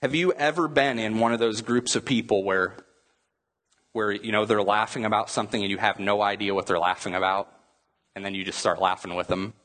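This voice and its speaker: A man's voice: lowish voice, fairly even intonation, a little fast, fairly bright tone. A man preaching a sermon as a pastor, talking to the congregation in a loose, conversational way. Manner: conversational preaching with acted-out crowd voices.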